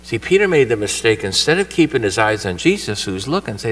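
A man's voice: mid-range voice, big pitch swings, a little fast, fairly bright tone. A male priest giving a homily at Mass in a church, telling the story conversationally and acting out the characters' lines with energy. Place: church shrine. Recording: voice from far off the mic.

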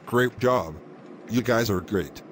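A man's voice: lowish voice, slow, slight background noise. A man playing an upbeat, encouraging teacher character in a scripted English lesson. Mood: cheerful.

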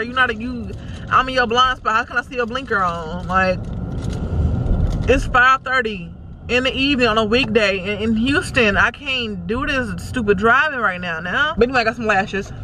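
A woman's voice: fairly high pitch, moderate pace, pushed and bright. A woman, a makeup artist talking casually to her vlog camera while driving, rambling and easily exasperated. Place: in a car while driving in traffic. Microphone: camera in the car. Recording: car noise behind the voice.

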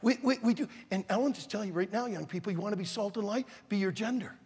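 An older man preaching to a youth conference in a large auditorium, emphatic and shouting his key words. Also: sits high, fast talker, breathy edge. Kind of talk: sermon. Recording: long reverb in a large hall.

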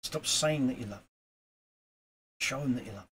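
A man talking straight to camera in a casual motivational vlog, earnest and rambling, moving from quiet reflection to emphatic urging. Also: mid-range voice, normal speed, slight background noise. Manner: earnest, rambling, with fillers and repeats. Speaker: YouTuber.

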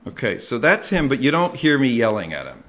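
Animated, bright-voiced comedian ranting. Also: male voice, mid-range voice, fairly quick. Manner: animated, self-mocking ranting with sudden yells. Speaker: comedian host. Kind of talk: comic monologue.

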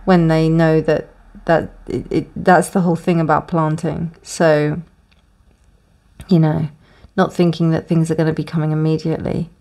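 A woman's voice: low voice, level tone, normal speed, warm tone. A woman giving a casual tarot reading, rambling with many restarts and fillers. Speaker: tarot reader. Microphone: close, dry room with windows closed.

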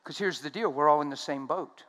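A man preaching a sermon, telling stories emphatically and swinging between loud and hushed speech. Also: fairly high pitch, brisk, slight background noise.

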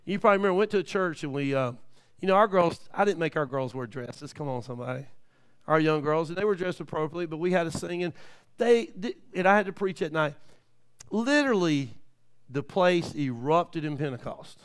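Fifty-something preacher guy in a church, high smooth voice, goes quiet then shouts, lots of amens. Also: animated, brisk. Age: 50s. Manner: emphatic preaching that swings from quiet asides to shouted peaks; folksy, with frequent amens and praise the lord. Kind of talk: live church sermon with storytelling.

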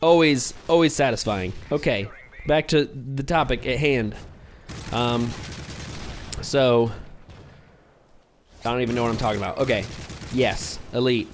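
A man's voice: medium pitch, a little slow, long pauses, slight background noise. A young man giving casual, rambling commentary over his video game play, hyper and easily distracted. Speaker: gaming commentator.

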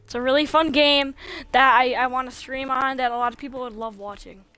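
A woman's voice: high voice, steady tone, a little fast, bright, forceful tone, smooth, no room sound. A woman streaming a video game, chatting casually and coaxing, repeating herself a lot. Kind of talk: casual live-stream chatter while playing.

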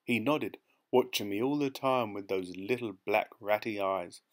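A man reading a short story aloud as an audiobook narrator, in a measured, even manner. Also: fairly low pitch. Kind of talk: scripted narration.

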